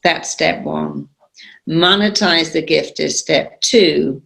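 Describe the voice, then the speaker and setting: A woman's voice: deep voice, slow pace, creaky. A middle-aged woman therapist being interviewed, telling stories with an emphatic, confident manner. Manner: emphatic, confident, animated retelling. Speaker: therapist and guest. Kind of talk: conversational interview storytelling.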